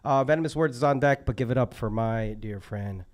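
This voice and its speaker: A man hosting a live open mic, excitable and profane, hyping up the performers and the live stream. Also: mid-range voice, a little fast, very noisy. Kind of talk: live event emceeing. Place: live event at a community center.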